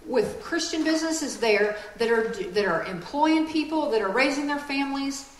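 A woman with a fairly high voice gives a sermon in a lively, conversational way, tossing in quick asides as she goes. The room is echoey, with faint ambient noise behind her. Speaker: speaker.

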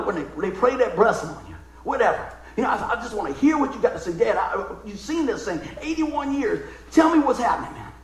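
A middle-aged man preaching a sermon, telling a personal story in a folksy, emotional way with casual asides. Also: high voice. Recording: echoey room.

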